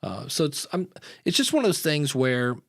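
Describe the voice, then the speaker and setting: A man's voice: on the high side, sing-song, moderate pace, creaky, no room sound, clean studio sound. A man hosting a live podcast, talking in a rambling, jokey, upbeat way. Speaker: podcast host. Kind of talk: casual live chat.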